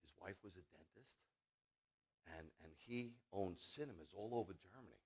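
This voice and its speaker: A man in his fifties, a rabbi giving a sermon, telling personal stories in an animated, jokey, emphatic way. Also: sits low, normal speed, breathy edge.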